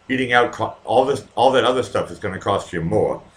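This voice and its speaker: A man's voice: lowish voice, lively intonation, a little fast. A man with a light Boston accent hosting a casual live stream from his home, chatting with viewers in a rambling, profane way. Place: home in Vienna.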